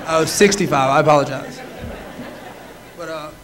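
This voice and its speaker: A man's voice: on the high side, moderate pace, a crowd in the background, poor audio. A man in his twenties giving a comedy roast speech, teasing with lots of "uh"s and stops. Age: 20s. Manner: joking, teasing, many filler "uh"s. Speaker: roaster, former quarterback.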